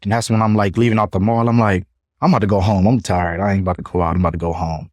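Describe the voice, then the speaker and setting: A man's voice: fairly low pitch, very fast, dry recording. Young man telling a story. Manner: animated retelling, acts out others' voices. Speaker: podcast guest. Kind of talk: casual storytelling.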